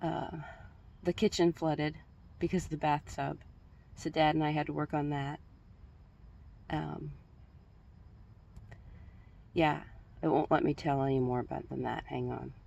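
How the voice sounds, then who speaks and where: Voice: medium pitch, level tone, measured pace, gravelly, long pauses, darkish tone, dull audio. A flustered vlogger rambling in a casual monologue at home, often stopping mid-sentence and laughing at their own jokes. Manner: flustered, rambling, self-interrupting. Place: at home, just woke up. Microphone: recording only audio, no video.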